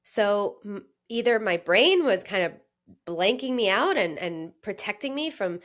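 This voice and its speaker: A woman's voice: mid-range voice, lively intonation, unhurried. A woman in her thirties, a health coach, talking alone in an earnest, chatty way, laughing often and acting out inner voices. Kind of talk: solo podcast monologue.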